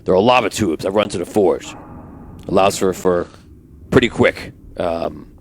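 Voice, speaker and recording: A man's voice: sits low, a little slow, a little hiss or hum, voice pushed down. A man voicing a weary dwarf blacksmith. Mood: earnest. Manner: thinking aloud, hesitant. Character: weary dwarf smith, lost his workers, practical. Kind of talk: tabletop role-play voicing.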